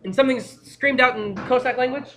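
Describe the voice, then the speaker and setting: A man teaching a storytelling Torah class, who gets excited and breaks into shouting. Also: very high voice, fast talker, crowd noise. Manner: excitable, breaks into shouting, mixes Hebrew and Yiddish terms.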